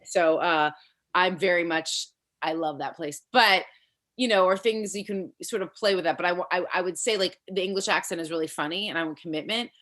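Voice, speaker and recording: A woman's voice: on the low side, fairly quick, a bit bright. Chatty, rambling woman on a video call. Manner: rambling, chatty, laughs often, many fillers. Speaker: comedy workshop feedback giver. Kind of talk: casual spoken feedback.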